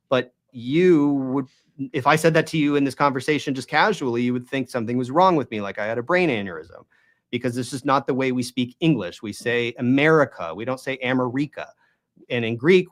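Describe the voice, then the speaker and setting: A man hosting a Bible study channel, explaining at length in an emphatic, argumentative way and often checking in with the listener. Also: medium pitch. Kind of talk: explanatory monologue on Greek pronunciation.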